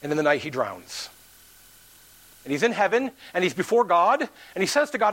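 Guy preaching a sermon, pretty high voice, really lively, acts out the people he quotes. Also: moderate pace. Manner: animated preaching, acts out quoted voices with big pitch swings. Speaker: pastor.

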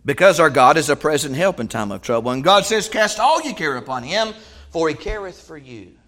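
A man preaches a sermon in a church, his voice sitting high for a man. He repeats his phrases, sinks to a near murmur, then climbs to slow, shouted emphasis. His grammar is casual and down-home. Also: very animated. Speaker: pastor.

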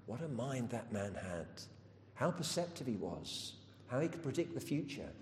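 A man's voice: big pitch swings, moderate pace, a little mellow. A man preaching a sermon, telling stories and asking earnest rhetorical questions. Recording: echoey hall with faint rumble.

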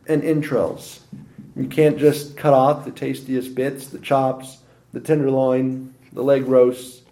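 Male preacher, warm mellow tone, emphatic sermon delivery. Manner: emphatic, with strong swings of pitch and loudness.

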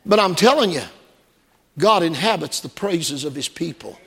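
A man's voice: a little high, animated, moderate pace, vocal fry, pushed and bright, long reverb tail. A man preaching a sermon to his congregation, earnest and repetitive, asking them direct questions. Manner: earnest, repeats phrases, rhetorical questions to the congregation. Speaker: pastor. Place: church.

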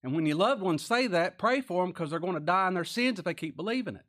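Male pastor, earnest folksy sermon delivery, slightly high voice. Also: expressive, quick pace, a bit bright. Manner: folksy, earnest preaching with Southern dialect.

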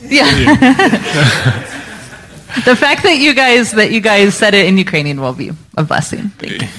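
A woman speaking as a missionary guest to a church congregation on a handheld mic in a church hall, encouraging and quick to laugh. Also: medium pitch, big pitch swings, a bit bright. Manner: slows down to teach pronunciation.

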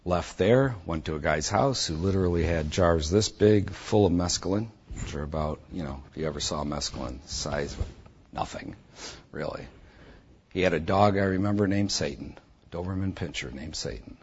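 A man bluntly and intensely telling his personal testimony, with a husky voice. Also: low-pitched, normal speed, dull audio. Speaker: speaker giving a personal testimony.

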